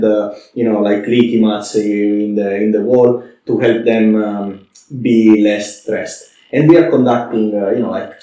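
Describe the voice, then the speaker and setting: A man's voice: lowish voice, dark tone. A man hosting an interview, asking questions hesitantly with many "you know, like" fillers. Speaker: interview host. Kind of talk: conversational interview. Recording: very echoey room, mic far off.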